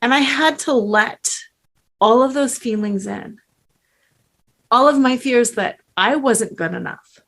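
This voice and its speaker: Earnest woman coach talking slow, middle-aged, motivational and emphatic. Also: medium pitch, a bit bright. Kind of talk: motivational talk.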